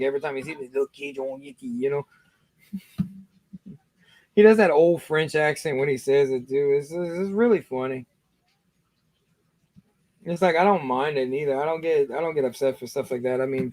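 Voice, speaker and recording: A man's voice: fairly high pitch, a little mellow, no echo. Rambling man hosting a livestream. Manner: rambling, many fillers and restarts. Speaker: livestream host. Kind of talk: casual livestream chat.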